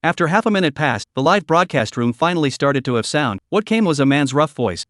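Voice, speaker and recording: A man narrating a story recap in a steady, even, scripted reading. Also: a little high, brisk, hardly any pauses, no room sound, clean studio sound.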